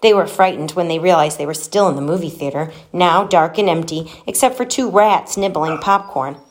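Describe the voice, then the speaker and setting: A woman reading a children's storybook aloud, gentle and expressive, giving the children's lines their own voices. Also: fairly low pitch, normal speed.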